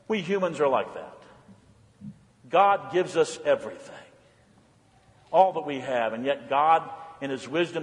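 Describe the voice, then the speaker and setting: A male pastor preaching a sermon in an animated way, climbing high for emphasis and dropping low and quiet for reflection. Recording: long hall reverb.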